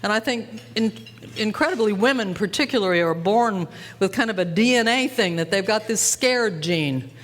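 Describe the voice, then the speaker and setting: A woman's voice: mid-range voice, moderate pace. Older woman telling stories in a hall. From Utah, USA. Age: 70s. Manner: folksy, animated storytelling. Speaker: keynote speaker. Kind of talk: storytelling speech. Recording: live hall with faint clatter.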